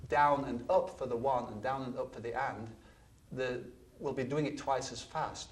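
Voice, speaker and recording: A man gives a ukulele lesson for an instructional video shot in a studio, speaking at normal speed and medium pitch. Patient throughout, he counts the beats out loud while strumming and repeats himself now and then, captured from afar with slight background noise and the instrument audible.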